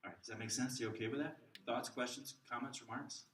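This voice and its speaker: A man teaching a class of children's ministry workers, jumping between loud bursts and soft near-whispers to show how to use the voice. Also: medium pitch, fairly even intonation, quick pace, a little hiss or hum. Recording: roomy echo, mic at a distance.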